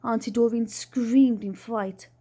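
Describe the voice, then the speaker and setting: A woman reading a children's book aloud in a plain, steady storytelling way. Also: a little high, slow. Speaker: reader.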